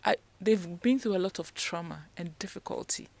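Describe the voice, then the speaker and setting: A woman's voice: on the low side, moderate pace, gravelly, a little mellow. A woman, a guest strategist on a radio interview, explaining ideas in a teaching way and posing rhetorical questions. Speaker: leadership and communication strategist, guest. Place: radio studio.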